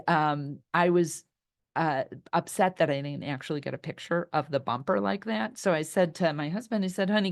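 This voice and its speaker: A middle-aged woman leading an online workshop over a video call. She tells stories and talks chattily, reacting to the chat as she goes. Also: sits low. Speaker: workshop leader. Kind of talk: storytelling talk in an online workshop.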